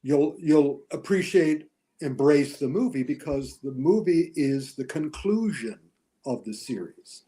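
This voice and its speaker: A man chatting as a guest on a movie discussion show, animated and chuckling as he tells his opinions. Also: on the high side, measured pace. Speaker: guest film critic and author.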